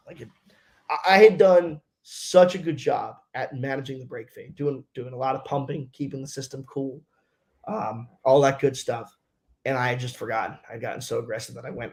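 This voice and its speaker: A man's voice: a little high, a little mellow. A man, a race car driver, telling a story in a casual interview, acting out radio exchanges and swearing freely.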